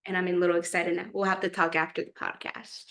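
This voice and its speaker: A young woman from Texas co-hosting a casual chat podcast, bubbly and quick to laugh, gushing over her friend. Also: lowish voice, little pitch movement, a bit bright. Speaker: podcast co-host.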